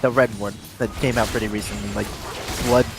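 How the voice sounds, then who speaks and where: A man's voice: on the low side, steady tone, fairly quick, gravelly, music in the background. A man from the Houston area casting a live esports match, laid-back and joking, with lots of uh and like. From Texas, Houston area. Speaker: esports caster. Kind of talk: live game commentary.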